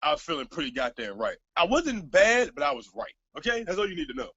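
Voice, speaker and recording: Profane, animated young man ranting. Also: a little high, fast talker, breathy edge, no echo. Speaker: vlogger. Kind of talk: casual storytelling rant. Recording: slightly dull, dry lo-fi sound.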